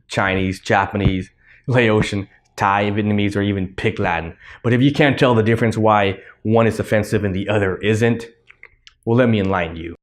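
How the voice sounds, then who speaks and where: A man hosting his own podcast, rambling bluntly through a casual solo commentary with offhand swearing. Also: lowish voice. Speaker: podcast host.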